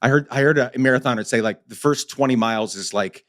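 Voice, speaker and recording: A man's voice: medium pitch, fast, a bit bright. A man hosting a podcast who speaks with passion and urgency, pressing his points emphatically. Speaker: podcast host. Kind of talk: casual conversation.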